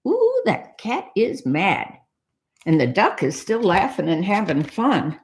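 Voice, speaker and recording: A woman librarian reading a picture book aloud to young children, animated and explaining things simply. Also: mid-range voice, takes it slowly, a little hiss or hum. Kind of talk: children's storytime read-aloud.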